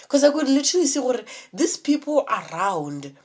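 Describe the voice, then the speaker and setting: A woman's voice: high-pitched, big pitch swings, moderate pace, darkish tone. A young woman telling a rambling, profanity-laced story in a casual vlog, full of fillers and restarts. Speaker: vlogger.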